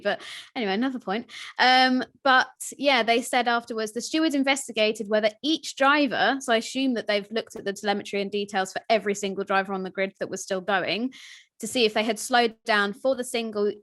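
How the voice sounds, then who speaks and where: A woman's voice: on the high side, fairly bright tone. A young woman co-hosting a casual podcast chat over a call, talkative and laughing often. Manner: chatty, laughs often, puts on mock voices. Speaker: podcast co-host. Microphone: video call.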